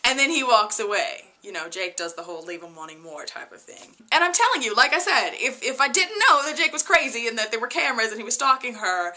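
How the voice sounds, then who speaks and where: Bright, chatty woman TV reviewer. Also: fairly high pitch, lively intonation, fast talker, hardly any pauses. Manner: chatty, addresses viewers as "you guys", many "like"s; laughs often. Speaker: TV review vlogger. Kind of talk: casual TV episode review.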